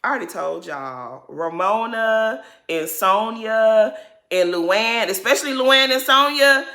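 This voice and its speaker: A woman's voice: very animated, measured pace, sharp tone, roomy sound. A woman giving a casual reality TV recap, sassy, blunt and profane. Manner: sassy, blunt and profane, mimics others in high exaggerated voices.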